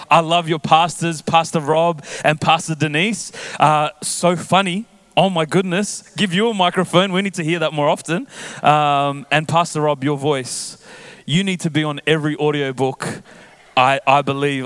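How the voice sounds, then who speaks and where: A man in his thirties opens a sermon with a joking, playful manner, teasing the crowd. His voice sits a bit high and comes through smooth and clear on a stage mic. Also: a bit bright, dry recording. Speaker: guest pastor. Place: large church auditorium.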